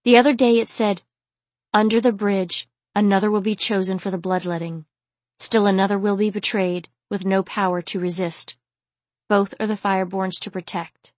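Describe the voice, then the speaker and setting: A woman's voice: medium pitch, fairly even intonation, moderate pace, no echo, natural voice. A woman reading the part of a troubled young woman haunted by visions, speaking with urgency. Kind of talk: audiobook character reading.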